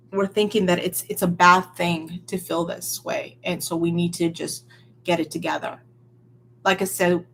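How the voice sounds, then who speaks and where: A woman preaching a sermon in an earnest, emphatic way, swinging between loud stresses and quiet, near-hushed lines. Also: on the low side.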